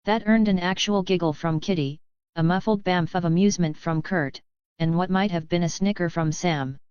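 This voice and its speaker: A woman narrates an audiobook in a steady, even reading. Her voice is low and smooth. The recording is dry and a little dull. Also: moderate pace, no room sound. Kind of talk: scripted narration.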